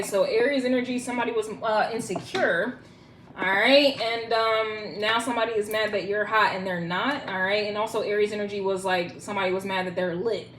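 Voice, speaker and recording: A young woman giving a casual, profane and playful tarot reading, with chanted rhymes. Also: medium pitch. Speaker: tarot reader. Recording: echoey room with loud noise.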